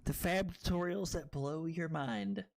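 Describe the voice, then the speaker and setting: A man streaming a card game, tipsy from drinking, who breaks into loud excited outbursts and giggly laughter. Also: a little high, a little slow. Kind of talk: live stream gameplay commentary.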